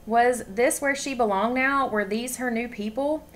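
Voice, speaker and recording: A woman reading a novel aloud with expression, pausing to ask her listeners questions. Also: a little high, a little hiss or hum. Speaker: story reader.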